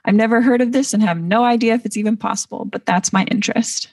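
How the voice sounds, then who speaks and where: Gravelly-voiced woman far from the mic. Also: on the high side, fast talker, a little mellow, dry recording. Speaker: workshop participant. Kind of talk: reading aloud in a workshop. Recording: distant mic.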